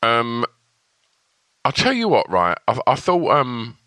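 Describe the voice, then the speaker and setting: A man's voice: mid-range voice, huge pitch swings, slow, sharp tone, no echo. A man co-hosting a podcast, chatting casually, laughing often and restarting his sentences. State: sore throat. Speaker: podcast co-host. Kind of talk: casual chat.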